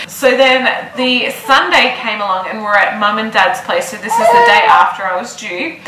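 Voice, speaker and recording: A woman's voice: fairly high pitch, sing-song, moderate pace, hardly any pauses, pushed and bright, roomy sound, a little hiss or hum, rough recording. A heavily pregnant young woman chatting casually in a vlog, repeating words for emphasis. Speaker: vlogger.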